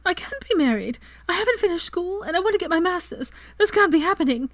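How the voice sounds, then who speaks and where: A woman's voice: high voice, huge pitch swings, fairly quick, a little mellow, dry recording, pitched above the performer's own voice. A woman voicing a bookish, stubborn young witch in a story reading. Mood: panicked.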